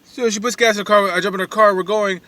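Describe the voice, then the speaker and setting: Talking fast in a high-pitched, sharp voice with fairly even intonation, a van-dwelling traveling vlogger films himself on his phone. His casual storytelling monologue rambles loosely, packed with fillers and quoted asides. There's no room sound, though his voice is slightly distant from the mic.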